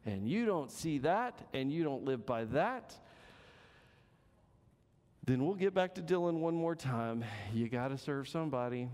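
A man preaching a sermon in a church, dramatic and emphatic, stretching out key words and swinging between loud and soft. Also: mid-range voice, big-room sound. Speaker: pastor. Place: church sanctuary.

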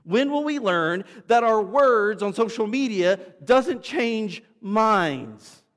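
High-pitched guy preaching, chatty with little stories, big echoey church hall. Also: lively intonation, takes it slowly, fairly bright tone. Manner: conversational, anecdotal preaching with asides to the congregation. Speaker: pastor. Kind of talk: sermon. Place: church sanctuary. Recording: long reverb of a church hall.

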